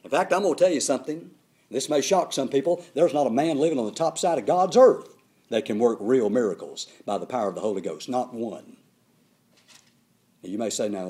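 Animated older man preaching a sermon. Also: mid-range voice. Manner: animated storytelling, emphatic.

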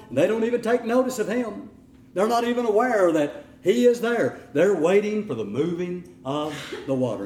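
A middle-aged man preaching a sermon in an animated way, sometimes mimicking whiny voices. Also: high-pitched, reverberant. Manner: animated, acts out whining voices.

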